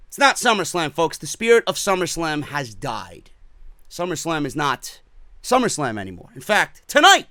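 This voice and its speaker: A man's voice: high-pitched, sharp tone, no echo, clean studio sound. A man with a New York accent hosting a wrestling podcast, ranting with sarcastic, profane commentary. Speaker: podcast host.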